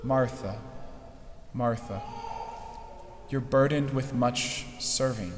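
A preacher doing a soft, gentle, knowing man. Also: medium pitch, takes it slowly, noisy background, voice pushed down, lightly acted. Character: gentle, knowing man comforting a weary friend. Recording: echoey hall with long reverb.

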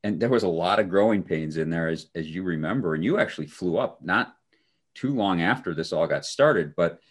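A man co-hosting a podcast, telling a story in a relaxed way with dry, sarcastic humor and lots of fillers. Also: low voice, fairly quick. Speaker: podcast co-host. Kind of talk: casual conversational storytelling.

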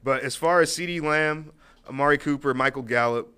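Bright, smooth-voiced man talking football. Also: on the high side, brisk. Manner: relaxed, thinks aloud with fillers and restarts. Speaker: podcast co-host. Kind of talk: casual sports chat.

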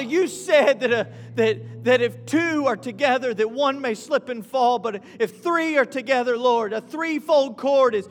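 High-voiced preacher in a reverberant hall. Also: male voice. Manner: builds from hushed pleading to shouted repeated prayer. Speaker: pastor. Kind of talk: sermon and prayer. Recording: long reverb with faint music.

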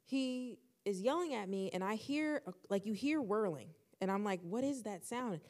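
A young woman co-hosting a podcast, telling a personal story in casual chat and acting out the dialogue with lively shifts. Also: mid-range voice, moderate pace. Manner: animated, acts out quoted dialogue. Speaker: podcast co-host.

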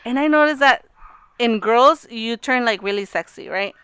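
Brief: woman co-host, slightly high, bright and clear, bilingual banter, dry close sound. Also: moderate pace, no room sound. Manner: mixes Spanish into English, lively and teasing. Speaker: podcast co-host. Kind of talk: casual chat.

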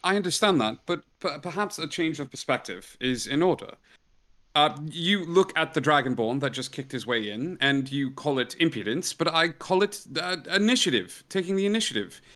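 A man taking part in a tabletop game over a call, his voice bright and forward. He speaks his character's lines in a polite, mannered, slightly formal way. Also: fairly high pitch, expressive, moderate pace. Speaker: player.

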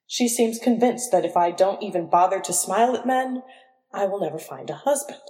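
Woman narrator, lowish voice, dry wry reading, long reverb. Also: darkish tone. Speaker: audiobook reader. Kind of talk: first-person storybook narration.

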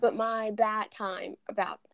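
A woman chatting casually with family, telling animated stories and mimicking the people she quotes. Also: medium pitch, unhurried, gravelly, slight background noise. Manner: animated storytelling, quotes others in mimicking voices. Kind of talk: casual chat.

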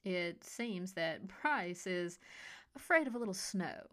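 A woman's voice: medium pitch, lively intonation, moderate pace, close to an everyday voice. A woman voicing a cold, scheming male resort boss with a Californian accent, smug and detached. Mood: cool. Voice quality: icy, detached. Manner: smug, menacing, mocking. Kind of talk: audiobook character voice.

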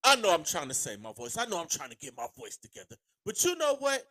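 A man hosting a podcast with a sore throat, ranting casually and profanely about sports, heating up to shouts. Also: mid-range voice, very animated, fast, dry recording. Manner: profane, heated, rising to shouts. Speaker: podcast host.

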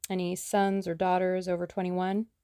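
A woman plays a self-assured young man from a storybook, breezy and a little smug. His voice is low and gravelly, with a dark, mellow tone. Heard close and dry. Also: completely flat delivery, normal speed, no room sound, natural voice. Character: confident, jaunty young man sleuth. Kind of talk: audiobook character reading.

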